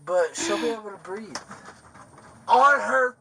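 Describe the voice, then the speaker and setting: A man under arrest, rambling and taunting erratically in a police car, swinging between loud outbursts and mutters. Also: high voice, expressive, a little slow. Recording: noisy police bodycam audio.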